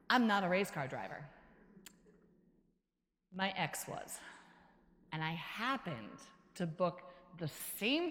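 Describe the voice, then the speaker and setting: A woman giving a motivational keynote talk, an animated storyteller who acts out quotes with a lively voice and laughs between stories. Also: fairly low pitch. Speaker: keynote speaker. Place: large conference hall. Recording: echoey hall reverb.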